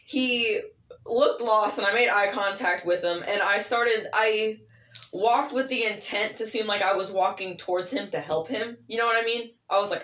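A woman's voice: mid-range voice, moderate pace, fairly bright tone. A woman co-hosting a casual podcast, telling a long work story in a rambling way, swearing and laughing easily. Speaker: podcast co-host. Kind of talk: casual chat. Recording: echoey room.

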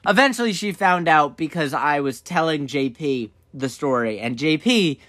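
Bright-voiced young man telling stories. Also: on the high side, moderate pace, dry recording. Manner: animated, rambling, full of "I was like". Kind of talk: casual storytelling.

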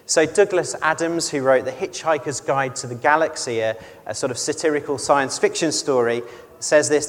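A man preaching a conversational sermon in a measured way, often putting questions to the congregation. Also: a little high, long reverb tail. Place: church.

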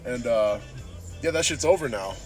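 A man's voice: medium pitch, animated, moderate pace, faint music behind. A man from San Diego hosting a podcast from his car, ranting casually and profanely, saying "dude" constantly. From San Diego, Southern California. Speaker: podcast host. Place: in a car while driving.

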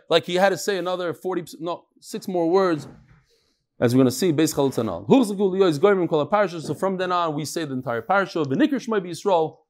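A man in middle age with a notably high voice teaches a daily Mishnah class. He talks in a lively, joking way and moves easily between English and Hebrew terms while he walks through a demonstration.

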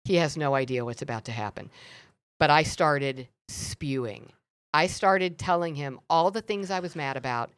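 A middle-aged woman telling a candid personal story on a podcast, expressive and animated. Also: deep voice, moderate pace, no room sound. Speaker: podcast guest.

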